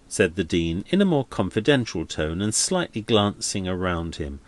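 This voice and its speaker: A man narrating an audiobook in a measured, deliberate way. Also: deep voice, expressive.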